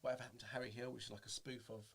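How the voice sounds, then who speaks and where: A man's voice: medium pitch, rapid-fire, vocal fry, breathy edge. A man, an impressionist, telling anecdotes animatedly in a casual interview and slipping into voices as he goes. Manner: animated storytelling, jumps into voices, laughs often. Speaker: guest, impressionist.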